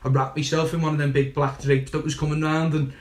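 Young scouse guy rambling through a story, bit high, pretty flat, echoey room. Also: fast talker. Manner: rambling, swears, laughs while telling. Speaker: guest. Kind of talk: casual storytelling.

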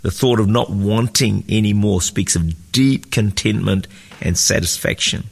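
A man with a low, gravelly, husky voice delivers an earnest devotional sermon, reading scripture and teaching with emphasis. His voice carries a long reverberant tail. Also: unhurried. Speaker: pastor.

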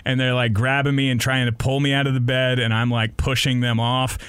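A man's voice: mid-range voice, fairly quick, clear, resonant tone, dry recording. A young man, a radio host, telling a story on a casual podcast, laughing often and acting out the people in it. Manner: laughing often, animated retelling with voices.

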